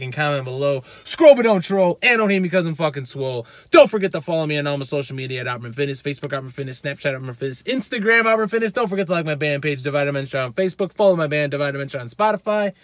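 Fitness vlogger man on a profane rant, high voice swinging wide, dry close sound. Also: no echo. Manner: profane, heated, repetitive. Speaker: fitness channel host. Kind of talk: ranting vlog callout.

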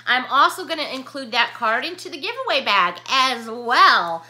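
Woman vlogger, middle-aged, very bright tone, fairly high voice, effusive casual chat. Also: normal speed. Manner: effusive, warm thanks, swings between excited and frustrated. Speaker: YouTube vlogger. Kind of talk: casual chat showing mail to viewers.

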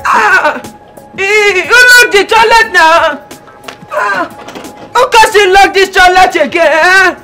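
Woman playing a desperate, high-pitched Nigerian tenant. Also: slow, soft background music, heavily acted. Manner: pleading, loud and exasperated. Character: desperate female tenant locked out of the toilet. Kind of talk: comedy skit acting.

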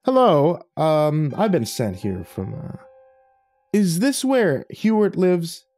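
A man voicing a cat-eyed young male creature with a flat, robotic, insistent way of talking, pitched well above his own voice. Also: slow pace, faint music behind, heavily acted. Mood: probing. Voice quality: monotone, robotic.

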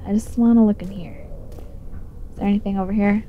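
A woman's voice: mid-range voice, fairly even intonation, fairly quick, narrow, tinny audio, a little hiss or hum. A tipsy young woman chatting and swearing through a let's play, talking back to the game's character. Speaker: gamer. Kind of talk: casual drunk let's play commentary.

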